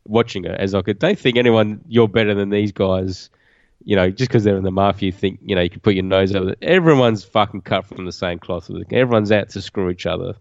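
A man's voice: lowish voice, fairly quick, no room sound, highs cut off. A man co-hosting a podcast, chatting casually about a TV show, emphatic and profane. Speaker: podcast co-host.

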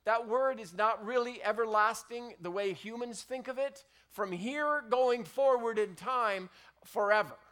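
A man pastor preaching a sermon in a conversational way, with many restarts and loud emphatic peaks. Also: very high-pitched, measured pace, smooth.

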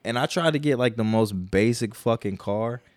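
A man's voice: mid-range voice, normal speed, no room sound. A man co-hosting a podcast, telling a long, profane story in a casual, rambling way and quoting people as he goes. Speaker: podcast co-host.

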